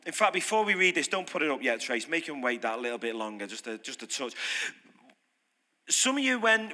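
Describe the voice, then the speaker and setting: Bright-voiced British preacher in a hall. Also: male voice, fairly high pitch. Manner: lively, conversational, asks the congregation questions. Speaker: pastor. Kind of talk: sermon. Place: church hall. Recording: reverberant hall.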